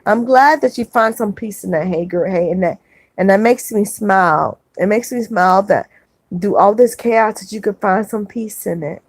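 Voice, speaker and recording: A woman hosting a livestream, reading chat comments aloud and gently consoling viewers, often repeating her words. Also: mid-range voice, normal speed, no echo. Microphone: phone.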